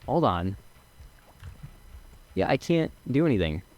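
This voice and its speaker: A young man narrating his own gameplay in a loose, chatty way. His voice sits in an ordinary middle pitch, and he jumps between excited outbursts and muttered asides, with frequent swearing and laughter. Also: slow, vocal fry, lo-fi sound. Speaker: gaming streamer. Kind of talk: casual let's-play commentary.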